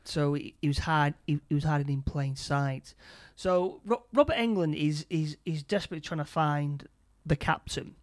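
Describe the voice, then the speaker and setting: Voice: medium pitch, moderate pace, few pauses. Stammering speaker retelling a movie. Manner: stammering, repeats words often. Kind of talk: casual chat, retelling a film plot.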